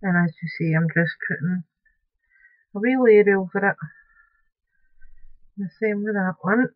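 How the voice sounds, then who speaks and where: A woman's voice: mid-range voice, unhurried, dry recording, highs cut off. A woman narrating a crafting tutorial, chatting along and muttering to her materials as she works.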